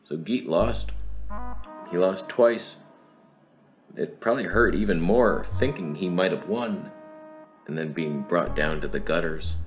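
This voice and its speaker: A man's voice: deep voice, measured pace, long pauses, soft background music. A man vlogging about cameras, telling a comic story and acting out his friends' lines. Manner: animated, acts out friends' voices. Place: outdoors.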